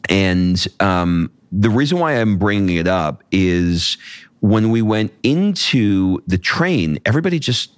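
A man on a casual podcast, chatty and teasing, who runs through lists of steps in quick bursts. His voice is very deep, and it is recorded dry on a close mic. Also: big pitch swings, no echo. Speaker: podcast co-host, event organizer. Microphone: wired up, close mic.

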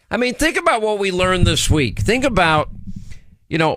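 A man hosting a political talk radio show, pressing his points with emphasis and wandering between them. His voice sits slightly high for a man. The studio sound is close and dry. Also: fairly bright tone, no room sound. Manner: emphatic, digressive, teasing banter.

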